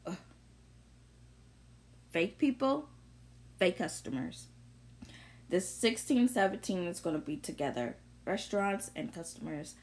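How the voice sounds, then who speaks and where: A woman's voice: on the low side, expressive, unhurried, long pauses, a little mellow. A young woman vlogger ranting bluntly through an unscripted monologue, full of profanity and confrontation. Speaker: vlogger sharing opinions.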